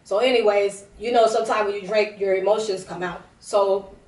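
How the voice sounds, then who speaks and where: During a broadcast service, a prophetess tearfully recounts her personal testimony, wandering and starting over many times. Her mid-range voice is steady and darkish at a normal speed, heard distantly in a roomy recording.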